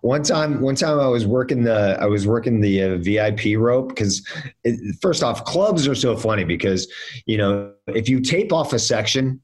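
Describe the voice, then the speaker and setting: A man's voice: mid-range voice, lively intonation, normal speed. A man, an actor guest in a casual interview, telling stories with many fillers and restarts.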